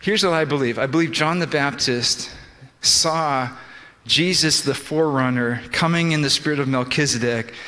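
A fairly high-pitched, sharp-toned man speaks at normal speed while delivering a sermon. His scripture explanation comes in restarting bursts full of quoted speech from its figures. It's recorded in a church sanctuary with long reverb.

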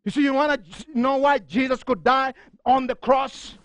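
A middle-aged man preaching a fervent sermon, reading scripture aloud and rising to near shouting. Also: very high voice, normal speed, no room sound. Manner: reads scripture passages aloud.

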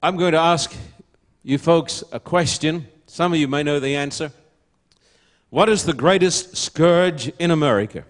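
A man's voice: on the high side, unhurried. An older man preaching a sermon to an audience, emphatic and full of rhetorical questions.

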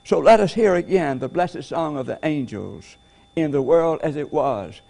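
A man preaching a Christmas sermon, earnestly slowing down to stress key phrases. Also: fairly high pitch, lively intonation, gravelly, warm tone.

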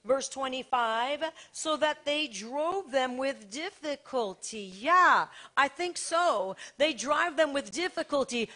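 A woman's voice: sits high, lively intonation, takes it slowly, few pauses, sharp tone. A woman preaching a sermon with fervor, repeating phrases over and over for emphasis.

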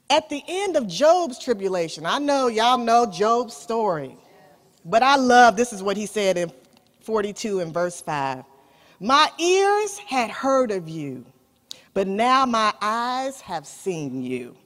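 A woman preaching with a drawl. Her voice sits high and leaps around in pitch, and she calls out to the congregation with folksy asides. She takes her time, stretching out her key lines and dropping some to a near hush. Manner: call-and-response preaching, folksy "y'all", swings from loud to soft. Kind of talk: sermon.

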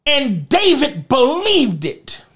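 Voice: high-pitched, wildly swooping pitch, slow, a bit bright. A pastor preaching a sermon and retelling Bible stories with emphasis. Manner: emphatic preaching with vivid storytelling.

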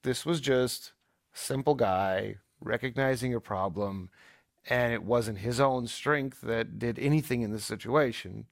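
Gravelly man telling an eager story. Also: medium pitch, measured pace, dry recording, clean studio sound. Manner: animated, emphatic storyteller with restarts. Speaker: co-host. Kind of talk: casual storytelling on a talk show.

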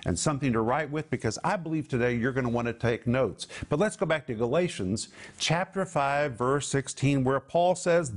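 A man hosting a televised Bible teaching, speaking emphatically and slowing down to stress key words. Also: fairly high pitch. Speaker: Bible teacher and program host.

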